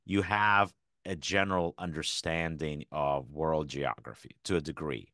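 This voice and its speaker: A man's voice: a bass voice, steady tone, unhurried, sharp tone, no echo, studio quality. A man in his forties from Ukraine, a podcast guest telling stories in casual conversation, with frequent restarts. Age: 40s.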